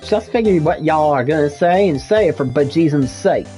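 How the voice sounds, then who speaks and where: A bossy Southern gal with a thick, drawling twang and a lively, sing-song swing, played by a woman doing a voice for a game. Her tone is mellow and dark-edged, with faint music behind. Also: sits low, moderate pace. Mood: sassy. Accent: put-on Southern US drawl. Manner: folksy, bossy, exaggerated drawl. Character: brash Southern woman photographer, loud and nosy.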